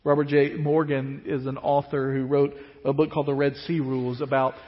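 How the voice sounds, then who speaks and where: A man preaching a sermon as pastor, animated and dropping to a hush at the ends of phrases. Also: medium pitch, normal speed. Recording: dull reverberant church hall.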